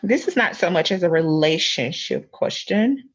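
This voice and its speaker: A young woman with a husky, lowish voice co-hosts a casual podcast. She jokes and laughs through quick, playful asides. Her audio is muffled and lo-fi, like a remote call. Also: animated. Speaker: podcast co-host. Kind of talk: casual chat.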